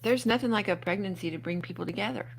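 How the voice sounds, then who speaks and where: A woman's voice: mid-range voice, fast talker, gravelly, a little hiss or hum. A woman in a casual group chat, teasing her friends with a wry tone.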